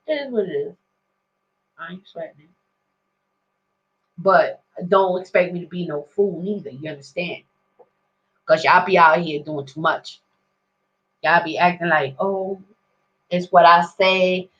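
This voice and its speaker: A woman's voice: lowish voice, a bit bright. Woman going off on a rant to her viewers, cussing a lot, keeps saying you understand me, kinda muffled lo-fi audio. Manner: rambling, profane, street slang, keeps asking "you understand?". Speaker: vlogger. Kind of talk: casual profane rant to viewers.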